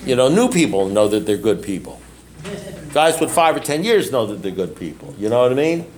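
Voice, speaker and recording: A man's voice: mid-range voice, big pitch swings, a little fast, a little mellow, a little hiss or hum. A blunt, self-mocking middle-aged man speaking casually at a recovery meeting, rambling and often asking "you know what I mean?".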